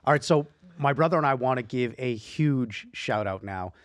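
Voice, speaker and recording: A man co-hosting a podcast in casual chat, upbeat and jokey, reading shout-outs. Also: medium pitch, animated, normal speed, no room sound, studio quality. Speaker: podcast co-host. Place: podcast studio. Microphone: studio mic.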